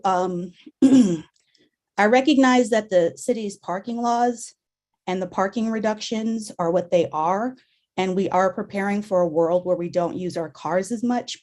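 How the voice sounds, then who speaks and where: A woman commissioner reads measured, prepared points at a public meeting. Her voice sits low and mellow, and it is wearing thin as she loses it. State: losing her voice. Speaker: planning commissioner.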